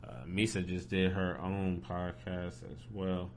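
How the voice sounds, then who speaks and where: Laid-back podcast host from Ohio. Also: male voice, deep voice, little pitch movement, unhurried, a little hiss or hum. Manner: laid-back, slangy, repeats "you feel me". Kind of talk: casual podcast chat.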